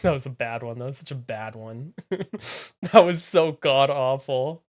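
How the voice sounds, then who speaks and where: A streamer in casual live chat with viewers, playful and teasing, repeating phrases and swinging from mumbled asides to loud exclamations. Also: medium pitch, expressive, normal speed. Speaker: livestreamer.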